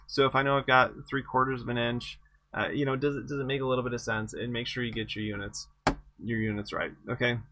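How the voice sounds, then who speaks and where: A man's voice: mid-range voice, flat delivery, quick pace, pushed and bright, dry recording. A middle-aged man lecturing an engineering exam review, conversational and self-correcting, with wry humor about past projects. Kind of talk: lecture with anecdotes.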